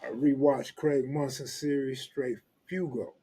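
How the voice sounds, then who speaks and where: A man's voice: medium pitch, steady tone, measured pace, dark tone, slightly rough. A man from California, hosting a live stream, chatting casually in loose street slang and joking with viewers. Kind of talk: casual chat reading live comments.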